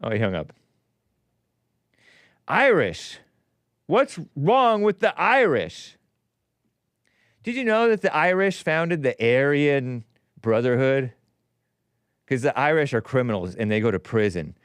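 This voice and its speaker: Smooth-voiced male call-in host. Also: medium pitch, lively intonation, moderate pace, dry recording. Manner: rambling, combative, laughs at own jokes. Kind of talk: casual call-in talk show.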